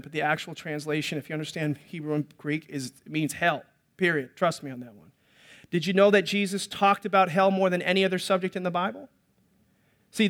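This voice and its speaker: A male pastor preaching an impassioned sermon, building to loud pleading and then dropping to a soft, quiet prayer. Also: sits high.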